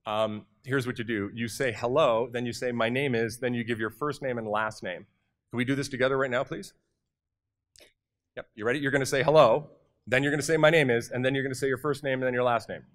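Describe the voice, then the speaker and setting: A man from Canada giving an energetic, direct conference talk, often addressing the audience with questions. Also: medium pitch, fast. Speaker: conference speaker. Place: conference hall.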